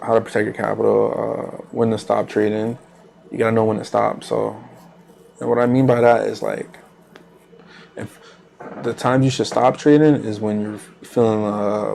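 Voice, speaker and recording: A man's voice: on the low side, creaky, darkish tone, slight background noise. A man hosting a trading channel, talking casually while he trades live, rambling loosely with repeated phrases and fillers.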